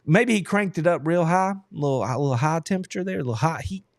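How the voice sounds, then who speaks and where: A man hosting a casual sports podcast, animated and laughing, with Southern turns of phrase, from Georgia. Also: fairly high pitch, fast talker, no room sound, clean studio sound. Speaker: podcast host. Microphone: headset.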